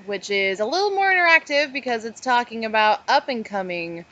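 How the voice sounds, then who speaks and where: A woman's voice: a little high, expressive, a little fast, sharp tone, lo-fi sound. A woman co-hosting a casual podcast, reading an article aloud and breaking off with offhand asides. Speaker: podcast co-host.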